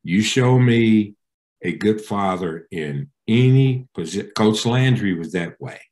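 A man's voice: animated, slow pace, darkish tone. A man, a pastor, answering interview questions in an emphatic, preacherly way. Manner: emphatic, preacherly, with wide pitch swings.

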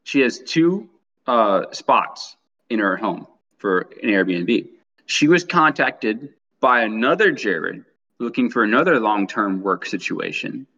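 Low-voiced young man telling a rambling story. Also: sing-song, takes it slowly, sharp tone. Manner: rambling anecdote teller, restarts often. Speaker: podcast co-host. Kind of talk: casual storytelling. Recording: dull lo-fi sound.

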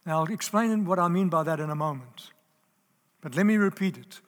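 High-voiced preacher in an echoing hall. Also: male voice, expressive, fairly quick. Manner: emphatic, repeats key phrases, asks the audience if they are there. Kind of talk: sermon. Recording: long reverb of a large hall.

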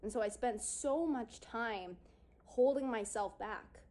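A woman's voice: on the high side, slow, a little mellow. A woman telling a personal story to her audience in a casual way, using lots of fillers and acting out what she and others said. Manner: casual, lots of "like", acts out her own past lines. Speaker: speaker on confidence and yoga.

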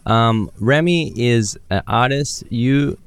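Speaking slowly in a smooth mid-range voice with no echo, an Australian man hosts a podcast. He keeps the interview casual and upbeat, chatting freely and poking fun at himself.

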